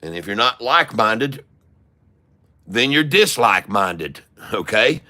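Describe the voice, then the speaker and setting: Man, trading-stream host: bright, punchy, jokey and rambling. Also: on the low side, very animated, measured pace. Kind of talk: casual livestream chat.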